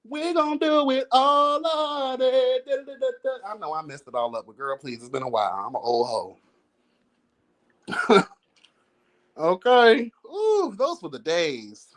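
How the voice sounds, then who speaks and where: Sassy chatty livestream gossip host. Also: mid-range voice. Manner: sassy, chatty, calls listeners girl and honey; breaks into bits of song and laughs. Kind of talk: casual gossip commentary. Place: home, with cats.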